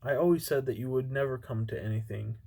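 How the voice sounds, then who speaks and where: A man's voice: mid-range voice, quick pace, vocal fry, warm tone. A grumbling old woodcutter father, read by a man. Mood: scolding. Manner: read plainly with stumbles and restarts.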